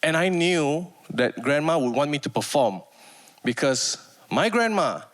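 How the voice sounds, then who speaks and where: High-voiced Malaysian stand-up comic. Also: male voice, unhurried. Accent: Malaysian English. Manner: animated, acts out relatives' voices. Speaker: stand-up comedian. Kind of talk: stand-up storytelling.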